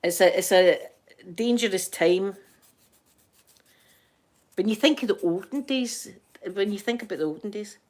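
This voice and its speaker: A woman's voice: mid-range voice, a little slow, long pauses, darkish tone. A middle-aged woman with a Scottish accent, chatting casually and rambling to her viewers as a channel host, laughing often. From Scotland.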